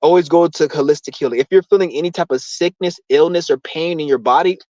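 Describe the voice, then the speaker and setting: A man's voice: on the high side, quick pace, a little mellow, no echo, dull audio. A young man hosting his own channel, ranting in a heated, profane, rambling way. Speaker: channel host. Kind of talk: casual rant on a live stream.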